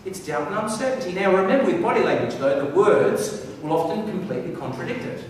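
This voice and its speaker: Male speaker with a high voice, energetic and playful, working a live audience; recorded from far off in an echoey hall with faint ambience. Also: quick pace, hardly any pauses, slight background noise. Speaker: professional speaker. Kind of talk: live stage talk to an audience.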